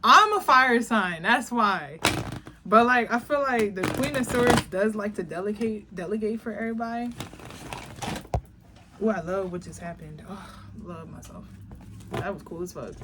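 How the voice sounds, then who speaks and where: A woman giving a casual tarot reading, talking bluntly and profanely, animated and laughing often. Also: mid-range voice, normal speed. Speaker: tarot reader. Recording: background noise.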